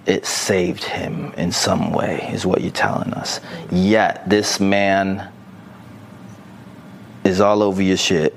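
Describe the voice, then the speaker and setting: A man co-hosting a casual podcast, reading out a listener's message and giving blunt, animated advice with plenty of swearing. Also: low voice, slow pace, creaky. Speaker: podcast co-host.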